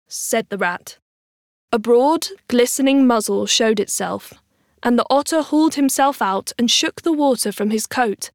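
A woman narrating a children's storybook aloud in a gentle, expressive way. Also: a little high, normal speed, no echo, clean studio sound.

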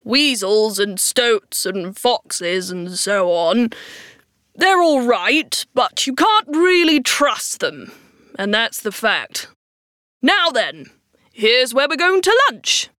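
Woman voicing a storybook river rat, chatty, sure of himself, lively pitch, dry room. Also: slow, no echo, heavily acted. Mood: hearty.

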